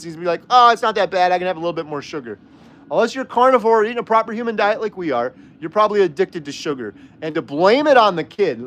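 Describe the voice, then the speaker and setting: A man hosting a livestream, arguing heatedly and firing off rhetorical questions while reading viewer comments. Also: high voice. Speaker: host. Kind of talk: livestream chat and rant.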